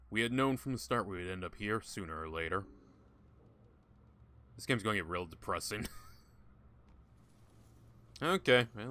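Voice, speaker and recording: Low, bright-voiced man joking through gameplay. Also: slight background noise. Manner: joking and swearing often, talks to game characters. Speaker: gaming YouTuber. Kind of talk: casual gameplay commentary.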